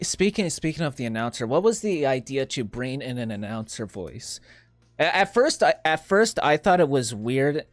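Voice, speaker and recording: A man interviewing a game developer, asking questions in an excited, chatty way and laughing often. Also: mid-range voice, no room sound.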